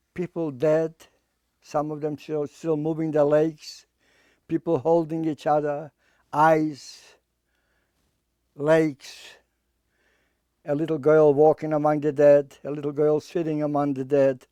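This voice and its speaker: Older man giving halting testimony. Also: on the high side, dark tone, dry recording, clean studio sound. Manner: halting, repeats words, plain non-native English. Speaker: Holocaust survivor and artist. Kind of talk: personal testimony.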